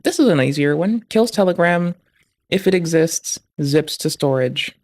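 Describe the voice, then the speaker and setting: A man's voice: fairly high pitch, lively intonation, moderate pace, a little mellow. A man on a live stream reading through malware code, ranting with sarcastic, profane commentary.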